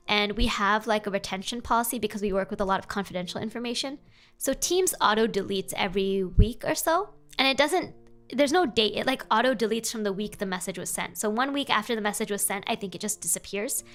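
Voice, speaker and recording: A young adult woman streaming casual advice chat, animated and playful, jumping up in pitch for emphasis. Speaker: vtuber streamer giving advice.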